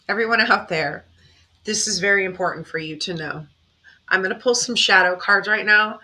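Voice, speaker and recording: Bright-voiced woman chatting as a tarot reader. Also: medium pitch. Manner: animated, dramatic, laughs often. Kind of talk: casual chatty reading to viewers.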